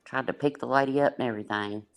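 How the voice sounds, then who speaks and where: A woman's voice: very deep voice, fast. A woman, hosting a livestream panel and telling blunt, laughing stories. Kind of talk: casual storytelling on a panel.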